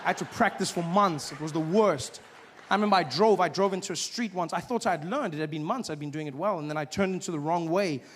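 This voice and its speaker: A young man from South Africa with a South African accent, telling stories in a stand-up comedy set and bursting into loud acted shouts. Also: a little high, quick pace, big-room sound, a little hiss or hum. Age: 20s.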